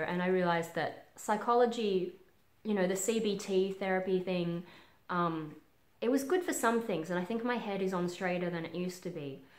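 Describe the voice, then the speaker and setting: A woman in her twenties with an Australian accent, talking frankly in a personal vlog, halting with many ums and casual swearing. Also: fairly low pitch. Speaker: vlogger. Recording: roomy echo.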